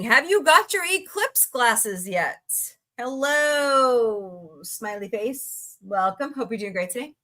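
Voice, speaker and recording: A woman's voice: fairly high pitch, bright, forceful tone. A woman hosting a casual live chat from the United States, chatting and reacting aloud as she reads out headlines and greets viewers. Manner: chatty, reacts aloud while scrolling, frequent laughs. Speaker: livestream host.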